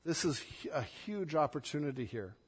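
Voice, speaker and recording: A pastor preaching a sermon in a voice that sits a little high for a man. He leans hard on key words, then drops to a soft, hushed tone. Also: expressive, moderate pace, slightly rough, big-room sound. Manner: swings between loud emphatic stress and soft, hushed passages.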